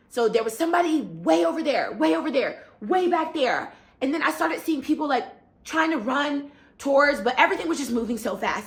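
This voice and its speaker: A young woman vlogger telling a travel story in a lively, animated way, sometimes acting out other people's lines. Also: on the high side. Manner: animated, acts out voices and cries out while retelling. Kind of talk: storytime vlog, casual retelling. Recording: echoey room.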